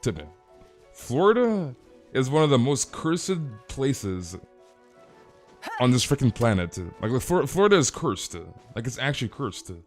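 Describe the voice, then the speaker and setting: A man's voice: mid-range voice, very animated, unhurried, faint music behind. A man chatting casually on a live game stream, ranting animatedly and peppering his talk with "freaking" and "dude".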